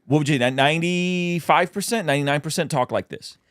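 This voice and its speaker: A man hosting a casual commentary chat, reacting loudly and talking in loose restarts. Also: a little high, fairly quick, no room sound, clean studio sound. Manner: animated, exclaiming, trailing off into restarts. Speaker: podcast host.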